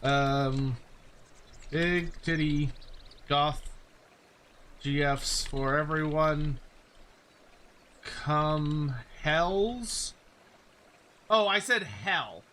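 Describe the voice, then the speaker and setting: High-voiced joking male streamer. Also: very slow, pauses often, sharp tone, a little hiss or hum. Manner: rambling, joking, self-interrupting. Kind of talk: casual gaming commentary. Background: game music.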